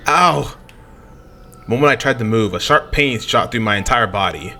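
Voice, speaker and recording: A young man hosting a let's play, reading the game's narration and dialogue aloud in an animated way and often tripping over words before correcting himself. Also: on the low side, quick pace, a little hiss or hum. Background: game music.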